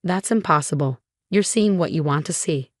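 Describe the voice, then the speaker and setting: A woman's voice: sits low, moderate pace, no room sound, studio quality. A woman reading the lines of a scornful, jealous stepsister who talks dismissively.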